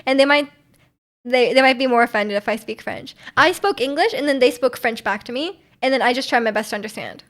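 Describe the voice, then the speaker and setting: A woman's voice: a little high, brisk. A young adult woman hosting a livestream, chatting casually and reading out viewer messages, giggling often between filler words. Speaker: livestream host.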